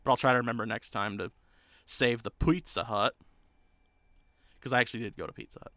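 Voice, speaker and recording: A man's voice: mid-range voice, brisk, sharp tone, no echo. A male streamer chatting casually and rambling loosely between clips. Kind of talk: casual chat.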